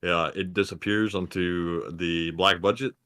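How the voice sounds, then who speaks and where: A man's voice: low voice, fairly even intonation, a little slow, fairly bright tone. A man co-hosting a casual livestream, reading out viewer donations with dry, chuckling asides. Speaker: livestream co-host. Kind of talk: reading super chats on a livestream.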